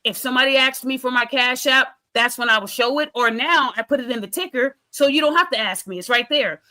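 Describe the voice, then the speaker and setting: Bright-voiced woman telling a story, swearing freely. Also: sits high, brisk. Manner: candid and animated, swears freely. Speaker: podcast host. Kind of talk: casual storytelling to a live audience.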